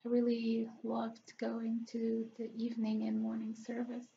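Slow, gravelly-voiced woman vlogging. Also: fairly high pitch, monotone, mellow, dull audio, a little hiss or hum. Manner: halting, earnest, pausing often. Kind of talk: personal video diary.

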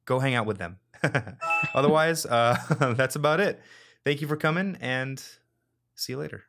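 A man hosting a live stream, relaxed and laughing easily, with many fillers. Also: mid-range voice, a little slow. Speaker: host. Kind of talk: casual live-stream chat.

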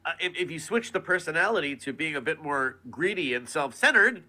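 A man's voice: fairly high pitch, animated, brisk, few pauses, bright, forceful tone. A man, a voice actor, chatting in a casual interview; he talks animatedly and laughs often. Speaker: voice actor guest.

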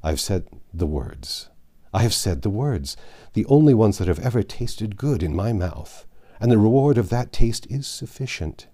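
Brief: male reader doing a poor, fearful peasant man, low and mellow, hesitant then earnest. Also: sing-song, normal speed.

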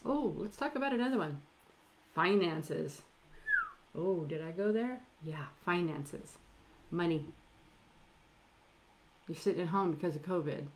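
A middle-aged woman preaching a sermon, emphatic, drawing out key words and dropping to soft near-whispers at times. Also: on the low side, lively intonation, slight background noise. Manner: emphatic, with slow drawn-out stresses and soft near-whispered asides.

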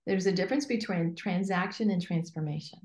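A woman coach speaking as an interview guest, talking emphatically and in an animated way, often acting out imagined inner voices. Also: on the low side, a little fast, reverberant.

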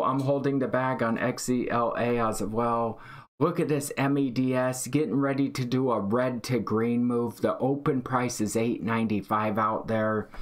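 A man hosting a live day-trading stream, excitedly reading out chat and calling trades. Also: mid-range voice. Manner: excited, hyped, reads chat aloud. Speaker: day-trading livestream host.

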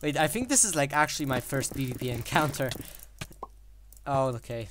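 A man talks through his own gameplay in a loose, rambling way, piling up fillers and breaking into short laughs between phrases. His voice sits at an ordinary middle pitch, with a faint hiss of noise under the recording. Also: lively intonation, normal speed. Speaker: gaming channel host. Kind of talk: casual gameplay commentary.

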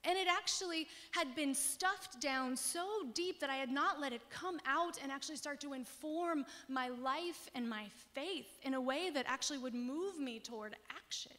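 A woman pastor giving an earnest, conversational sermon with emphatic pauses. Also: sits high, a bit bright. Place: church sanctuary. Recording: long church reverb.

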